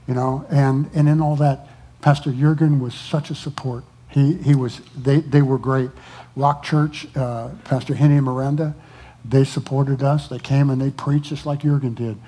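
A pastor speaking to his congregation, exhorting people not to go through hard times alone and pausing often with fillers. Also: mid-range voice, steady tone, warm tone, slightly rough. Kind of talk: testimony to a church congregation.

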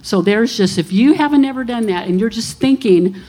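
A woman's voice: a little high, expressive, a little fast, dark tone. Earnest woman in her sixties testifying. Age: 60s. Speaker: minister. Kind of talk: testimony to a church congregation.

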